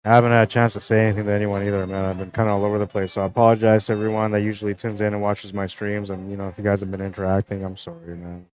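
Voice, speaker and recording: Calling shots during a pool match on his live stream, a young man from Canada chats loosely and greets viewers by name one by one. His fairly low voice races along very fast with few pauses, and the recording quality is low.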